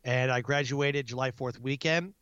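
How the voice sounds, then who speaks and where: A man in his thirties tells lively stories about his family and acts out his own frazzled outbursts. His voice sits in the middle range. The sound is dry with no room around it, and slightly dull. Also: mid-range voice, moderate pace, smooth, no room sound. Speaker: guest; military non-commissioned officer. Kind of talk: casual storytelling interview.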